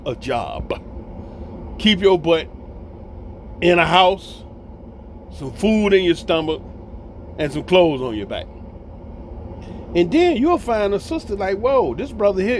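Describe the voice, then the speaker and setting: Animated preachy man with a lively pitch. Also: a little hiss or hum. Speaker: commentator. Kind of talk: casual talking to camera.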